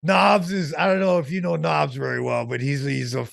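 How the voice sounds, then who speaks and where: A man telling a long, animated anecdote as an interview guest, in a slangy, casual way. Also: on the high side, moderate pace, gravelly.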